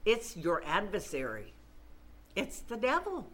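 A woman preaches with a bright, ringing voice that rises and falls widely. She repeats phrases to drive her points home and reads scripture aloud at an unhurried pace. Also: mid-range voice, wildly swooping pitch. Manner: emphatic, repeats phrases for stress. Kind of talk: sermon.

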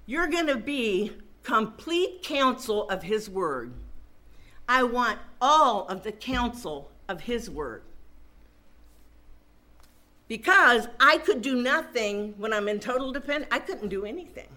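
A woman preaches with a bright, ringing voice that rises and falls widely. She repeats phrases to drive her points home and reads scripture aloud at an unhurried pace. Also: fairly high pitch, very animated. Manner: emphatic, repeats phrases for stress. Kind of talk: sermon.

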